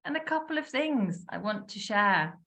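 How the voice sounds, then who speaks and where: A woman in her fifties telling her own health story in a casual, animated way, laughing often and acting out what she once said. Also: mid-range voice, normal speed. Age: 50s. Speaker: wellness speaker sharing her story. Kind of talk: casual testimonial talk.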